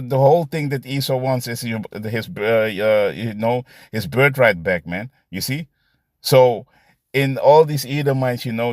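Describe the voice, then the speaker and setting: Man, mid-pitched, casual street-preacher delivery, repeats "you see", laughs between points, dry close sound. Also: no room sound. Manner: repetitive, ends phrases with "man" and "you see". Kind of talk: casual preaching with scripture readings.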